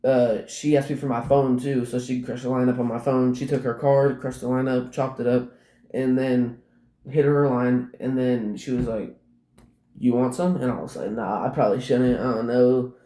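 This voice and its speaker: A man's voice: mid-range voice, flat delivery, normal speed, warm tone. A man telling a personal story in casual, rambling speech, packed with "like" and swearing. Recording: roomy echo.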